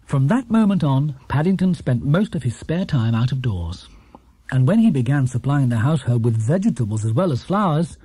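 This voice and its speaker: A man narrating a children's book with a very animated, rising and falling delivery. His tone is mellow and dark, with a husky edge. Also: medium pitch, normal speed, dry recording. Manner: lively, storytelling. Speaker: audiobook narrator.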